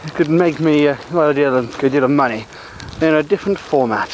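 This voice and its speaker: Man voicing a pompous, scheming controller for an audio drama; measured and formal, light noise. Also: fairly high pitch, a little mellow, close to an everyday voice, low-quality recording. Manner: formal, measured, self-important. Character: cold, scheming male controller.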